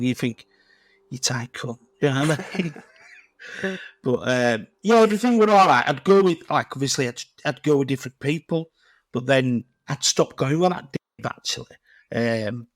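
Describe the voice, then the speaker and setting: A middle-aged man from Leeds with a Yorkshire accent, a podcast guest telling rambling, blunt anecdotes full of swearing. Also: mid-range voice. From Leeds, England. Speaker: guest tiler. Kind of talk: casual podcast chat.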